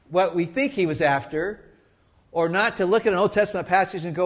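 Male pastor with a fairly high voice, conversational and emphatic, moving between loud stress and soft asides. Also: fairly quick. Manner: conversational teaching, checks in with listeners. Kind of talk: sermon.

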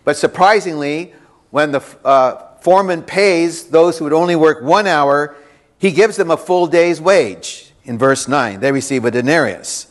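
A man preaching a sermon to a congregation, reading scripture and explaining it in an animated, conversational way with playful teasing. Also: fairly high pitch, a little slow. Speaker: pastor. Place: church before a congregation.

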